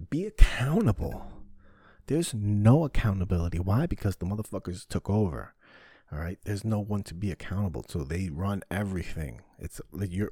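A man's voice: fairly low pitch, mellow, husky, no room sound, clean studio sound. A man hosting a podcast, ranting heatedly with lots of swearing and rhetorical questions. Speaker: podcast host. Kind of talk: ranting solo podcast talk.

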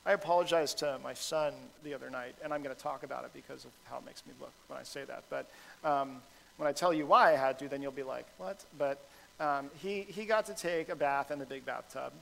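A man's voice: medium pitch, a little fast, gravelly, a bit bright, poor audio. A man, a pastor with a son, preaching a sermon in a conversational, self-deprecating style full of fillers and restarts.

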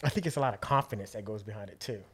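A man's voice: on the low side, racing. A man as a podcast guest in casual chat, defending himself and talking over the others.

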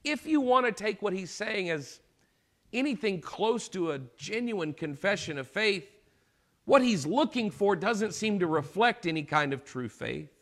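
Guy preaching a sermon, fairly high voice, chatty explainer, brings the lines to life. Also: lively intonation, a little slow, fairly bright tone. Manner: explanatory, conversational preaching with vivid paraphrase.

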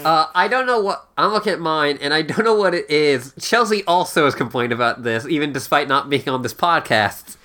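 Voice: mid-range voice, a little fast, few pauses. A podcast co-host chatting casually and joking about a cartoon. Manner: joking, animated. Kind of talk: casual chat.

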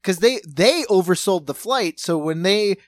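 A man's voice: high voice, lively intonation, a little slow, no room sound. A man in his thirties telling comedic travel stories in casual, profane chat, acting out other people's lines. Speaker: podcast co-host.

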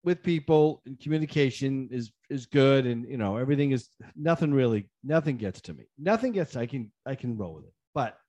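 A man's voice: brisk, hardly any pauses, dull audio. A man in casual conversation, worked up as he retells a frustrating episode. He rants animatedly, voices the people he argued with, repeats himself and restarts sentences, and his voice shoots up when he gets riled. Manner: animated ranting, jumps high in pitch when riled; acts out the other side of phone calls. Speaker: storyteller in a chat. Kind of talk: casual chat.

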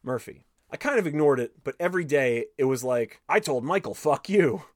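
A podcast host reads an interview aloud, full of swearing and quoted exchanges, stopping now and then for his own remarks. His voice is at an ordinary middle pitch and moderate pace, recorded dry and close with no echo. He tells it in an animated, profane way.

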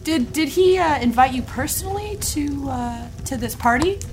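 A woman's voice: high-pitched, animated, moderate pace, a little hiss or hum. A woman playing a chatty, overly friendly young partygoer.

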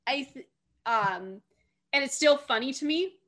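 A woman's voice: high-pitched, animated, measured pace, bright, forceful tone. A woman casually discussing a film, chatty and self-correcting, often laughing. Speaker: podcast co-host.

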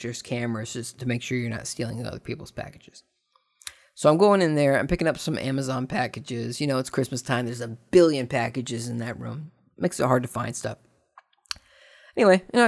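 A man hosting a podcast, telling a long story in a casual way, repeating words and swinging between hushed and excited tones. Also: mid-range voice. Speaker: podcast host. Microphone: desk microphone.

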